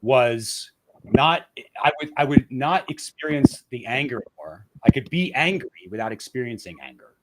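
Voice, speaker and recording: A man's voice: mid-range voice, lively intonation, moderate pace, very noisy. A man as a podcast guest, speaking candidly and reflectively, often restarting and repeating words as he searches for the right phrasing. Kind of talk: candid interview conversation.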